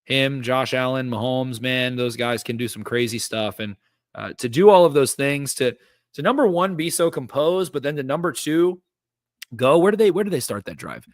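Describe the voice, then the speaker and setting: A man talks through football plays with eager energy and plenty of "uh"s. His voice sits at an ordinary middle pitch. The studio recording is dry and close. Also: normal speed, dry recording. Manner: energetic, recaps plays with lots of fillers. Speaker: podcast host. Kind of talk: casual football breakdown.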